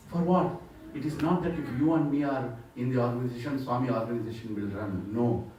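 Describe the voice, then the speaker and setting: A man's voice: medium pitch, a little mellow, recorded from a distance, a little hiss or hum. Man, devotional talk, rhetorical questions, echoey hall, heard from afar. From India. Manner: storytelling with acted quotes, preacher's rhetorical questions. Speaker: spiritual speaker.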